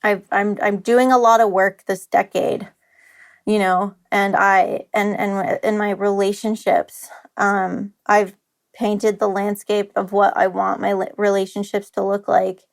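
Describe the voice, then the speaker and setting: A woman's voice: mid-range voice, flat delivery, a little slow, creaky. Emotional, candid woman opening up. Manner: emotional and open, lots of "like" and restarts. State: nervous, close to tears. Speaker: guest, company founder. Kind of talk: candid podcast conversation.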